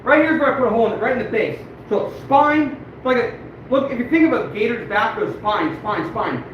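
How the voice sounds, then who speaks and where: A fur trapper with an extremely high pitch and lively intonation talks fairly quickly as he works, casually chatting with live-stream viewers. He swears often and grumbles at himself in a frustrated, self-deprecating manner. The recording is muffled, with the mic far off in an echoey room and background noise.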